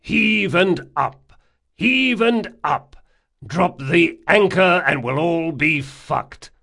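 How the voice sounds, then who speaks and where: A man reading an audiobook, voicing a sailor who shouts a slow, rhythmic capstan chant. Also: fairly high pitch, animated, creaky, pitched above the performer's own voice, heavily acted. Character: burly male sailor bellowing a capstan chant. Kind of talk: audiobook character voice.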